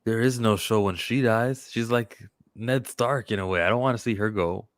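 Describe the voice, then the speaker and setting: A man in a casual group chat about TV, chatty and quick to agree or throw in a joke. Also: lowish voice, clean tone, no room sound, studio quality.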